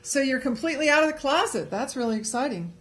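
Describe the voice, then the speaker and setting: A woman's voice: high-pitched, animated, fast talker, fairly bright tone. Chatty woman co-hosting a webcast. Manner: chatty, upbeat, giving health tips. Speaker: co-host. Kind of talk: casual webcast chat. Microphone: webcast studio mic.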